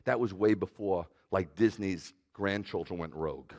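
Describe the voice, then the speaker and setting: A rabbi with a low-pitched voice delivers a sermon to his congregation at a moderate pace. He is animated and joking, swinging between loud outbursts and quiet asides.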